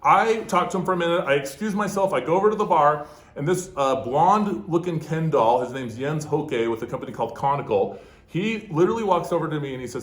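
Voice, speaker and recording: A man's voice: a little high, fast talker, reverberant. A man telling a business story with emphasis, acting out the dialogue and stopping often to check in with "okay?". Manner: animated, emphatic, acts out dialogue, frequent "okay?". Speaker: guest entrepreneur.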